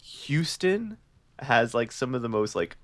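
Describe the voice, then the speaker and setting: Texan co-host, animated intonation, laughs through the banter. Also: medium pitch, a little slow. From Texas. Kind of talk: casual podcast chat.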